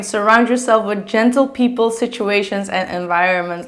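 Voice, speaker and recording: Woman, tarot reader, casual and gushing, mid-pitched, lots of fillers. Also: normal speed, fairly bright tone. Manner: chatty, gushing, many fillers.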